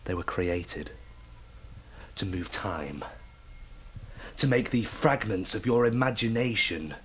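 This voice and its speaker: Man as a slow, low-voiced orb guru, hushed and conspiratorial. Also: lively intonation, slight background noise. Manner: hushed, conspiratorial, with sudden loud bursts. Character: mock-mystic man lecturing about orbs. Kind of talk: comic mock-documentary address.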